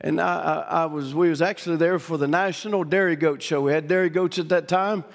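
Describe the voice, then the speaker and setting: A middle-aged man from Louisiana with a Southern accent, preaching a sermon in a folksy storytelling way with many restarts, rising to shouted climaxes. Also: a little high, fairly even intonation, fairly quick, gravelly, big-room sound.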